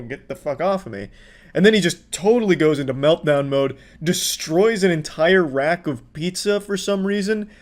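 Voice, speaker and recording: A man giving sarcastic, profane reaction commentary on video clips, mocking the people in them. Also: fairly high pitch.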